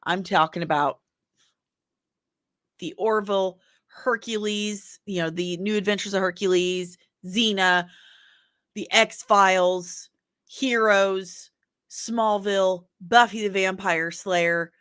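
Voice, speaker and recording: A woman's voice: medium pitch, steady tone, slow, fairly bright tone, clean tone, dry recording, studio quality. A woman hosting a casual entertainment news show, chatty and rambling with jokey asides. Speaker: host.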